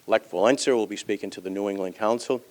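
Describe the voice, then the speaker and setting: A man with a fairly low voice hosts a breakfast forum, reading announcements in a measured way. He pauses on fillers now and then as he introduces the next speaker. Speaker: event host. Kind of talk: formal event announcements.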